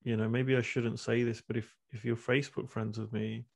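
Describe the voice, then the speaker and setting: A man's voice: mid-range voice, little pitch movement, a little fast, vocal fry, husky. A man in his thirties talking candidly as a guest on a video call, often restarting his words. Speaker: guest speaker and men's retreat coach. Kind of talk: casual conversation on a video call.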